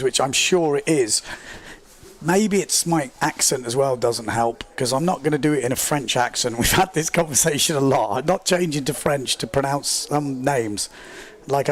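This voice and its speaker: A man commentating a live race stream, excitable and chatty, joking at his own expense as he reads viewer comments. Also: medium pitch. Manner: excitable, chatty, self-deprecating, rambling with fillers. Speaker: livestream sports commentator.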